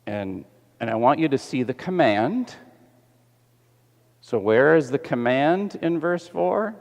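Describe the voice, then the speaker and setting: Animated preacher in an echoey hall. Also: male voice, medium pitch, takes it slowly, creaky. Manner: animated, asks the congregation questions. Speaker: pastor. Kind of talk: sermon. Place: church sanctuary.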